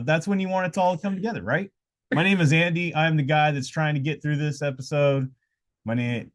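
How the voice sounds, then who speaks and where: Rambling, easygoing man hosting a podcast. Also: mid-range voice. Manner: rambling, loose, with frequent "uh" and restarts. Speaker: podcast host. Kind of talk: casual motivational podcast talk. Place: indoors during a live podcast, with noise around.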